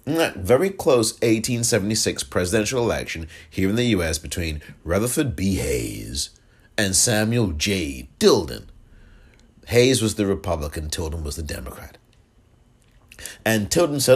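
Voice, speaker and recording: A man's voice: deep voice, husky. A man hosting a solo political podcast, ranting with exasperation, swearing freely and throwing in sarcastic asides. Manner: animated, exasperated, profane, quick sarcastic asides. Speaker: podcast host.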